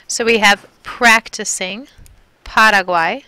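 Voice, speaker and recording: Taking it slowly, a Milwaukee, Wisconsin woman leads a recorded Spanish class, drilling and repeating words with patience. Her medium-pitched voice sounds pushed and bright yet clean, with no echo.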